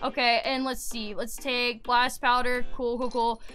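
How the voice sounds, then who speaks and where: A woman streamer giving excitable live gaming commentary to her chat, swearing and yelling when frustrated. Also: fairly high pitch, a little slow, faint music behind.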